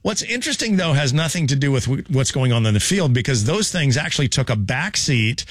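A man's voice: medium pitch, big pitch swings, a little fast, no room sound. Chatty male radio host, dry studio. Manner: chatty, playful, self-mocking. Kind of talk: casual morning radio chat.

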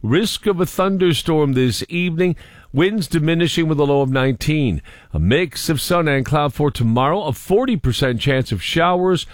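Newsreader, slightly high voice, crisp read, dry booth sound. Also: male voice, animated, normal speed, no room sound. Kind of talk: radio news and weather read.

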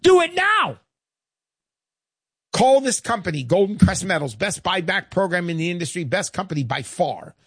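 A man's voice: high voice, expressive, fairly quick, few pauses, breathy edge, no room sound, studio quality. Brash hard-selling male radio host. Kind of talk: pushy sales pitch radio talk.

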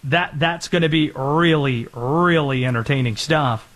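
A man hosting a sports talk show, running through quick energetic opinions and reading an ad spot. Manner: quick energetic delivery with lively pitch swings.

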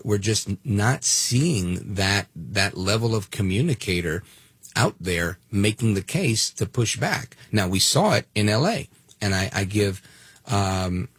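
Man, talk radio host, gravelly, husky, dry studio sound, blunt chatty delivery. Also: on the low side, no room sound. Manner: blunt, conversational, many fillers. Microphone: studio microphone.

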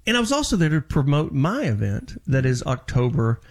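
A man's voice: a little high, wildly swooping pitch, brisk. A man hosting a casual talk show, chatting and plugging an event. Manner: chatty, promotional. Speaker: host.

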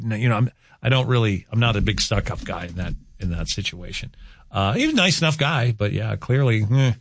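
A man's voice: mid-range voice, very animated, a little fast, sharp tone, no echo. A man hosting a local morning radio show, chatting loosely with plenty of fillers before reading sports news. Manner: rambling, chatty, many fillers. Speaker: radio host. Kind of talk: casual morning radio chat and sports update. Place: radio studio.

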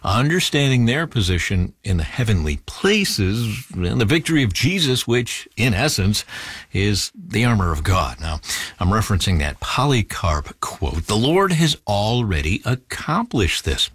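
A male radio host speaks conversationally and reflectively, his pitch moving in a lively way. His voice is somewhat husky, recorded close and dry, with faint music behind. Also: measured pace, dry recording. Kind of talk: broadcast host talk.

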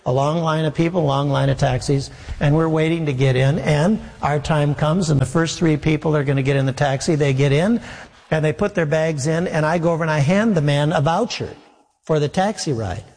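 A pastor telling a humorous story in a sermon, with self-deprecating asides and acted-out dialogue. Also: male voice, fairly high pitch, brisk, darkish tone. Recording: long reverb of a large hall.

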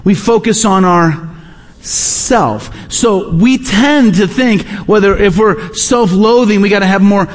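A man's voice: high voice, measured pace. A man preaching a sermon as pastor in a church, emphatic, repeating his key phrases. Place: church sanctuary.

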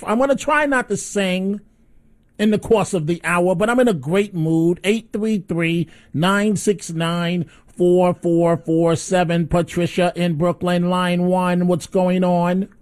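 A man hosting call-in talk radio, upbeat and chatty, combative about politics. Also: high voice. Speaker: radio talk show host.

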